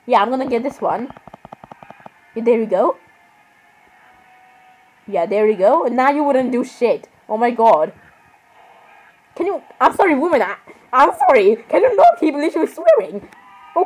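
A young woman with a fairly high voice gives casual gaming commentary. She rambles and sounds exasperated with the other players. She keeps apologizing as she talks. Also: darkish tone, poor audio. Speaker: gaming vlogger.

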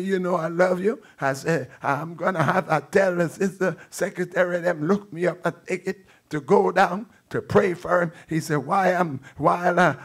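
Older preacher man in church, husky and kinda high-pitched, fervent testimony. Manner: fervent, repetitive exclamations. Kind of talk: testimony sermon. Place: church sanctuary.

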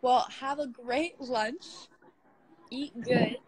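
A young woman with a high-sitting voice takes her time as she hosts a live stream from her phone. The social media star gushes and giggles with fans and sometimes coos at her cat.

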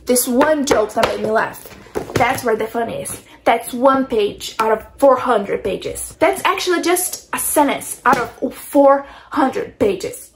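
A woman's voice: on the high side, slow pace, gravelly, slight background noise, rough recording. A young woman, ranting dramatically and exasperatedly about a book in a casual reading vlog. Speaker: book vlogger.

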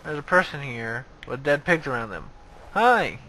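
A young man playing a video game and commenting in a sarcastic, excitable, self-mocking way. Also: medium pitch, moderate pace, slight background noise, poor audio. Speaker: gaming video host. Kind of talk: let's play commentary.

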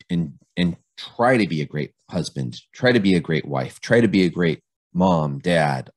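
A middle-aged man speaks as a podcast guest in an earnest, conversational way, often restarting his phrases. His voice sits very low and deep. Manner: earnest, repeats words when starting phrases. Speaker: podcast guest, police officer.

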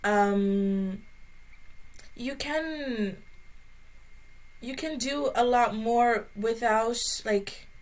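A young woman from Brazil, a guest chatting casually in an interview, with a mixed American and Irish-sounding accent and a giggly, animated manner. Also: a little high, drawn-out words, pauses often, poor audio. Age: young adult.

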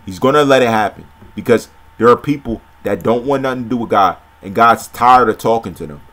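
A man's voice: medium pitch, brisk. Man reading scripture aloud. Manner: reads steadily, breaks off into excited slangy commentary. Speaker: scripture reader and preacher.

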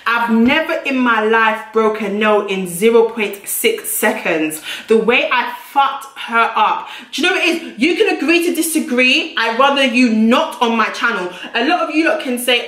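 Bright-voiced woman. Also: a little high, animated, moderate pace. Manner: blunt, profane, slangy storytelling. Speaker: vlogger. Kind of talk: storytime vlog. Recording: echoey room.

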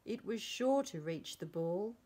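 A woman reading a children's picture book aloud, slow and expressive, giving the characters lively voices. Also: mid-range voice. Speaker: preschool storybook reader.

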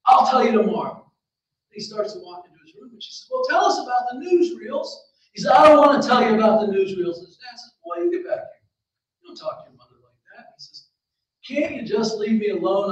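A man with a high-pitched voice tells a folk tale in a lively, dramatic way, acting out the dialogue. The sound is roomy and echoey, as if the mic is set some way off. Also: recorded from a distance. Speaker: storyteller. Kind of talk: told folk story.

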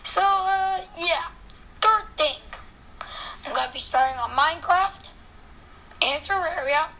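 A woman's voice: extremely high pitch, measured pace, sharp tone, slight background noise, low-quality recording. A woman hosting her own channel, chatting casually and jokily with many filler sounds. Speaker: channel host. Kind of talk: casual vlog chat.

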